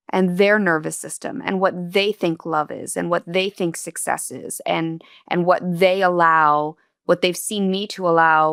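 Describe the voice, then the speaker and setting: A woman's voice: lowish voice, vocal fry, a bit bright, no room sound, clean studio sound. A woman guest on an interview podcast, earnestly and candidly telling a personal story in a reflective, emotional way.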